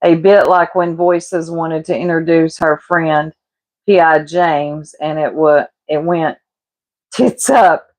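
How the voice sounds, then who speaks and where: Slow-talking gossipy woman. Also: low voice, fairly even intonation, a little mellow. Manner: gossipy, laughing, teasing, addresses chat as y'all. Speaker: livestreamer chatting with viewers. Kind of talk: casual livestream chat while cooking.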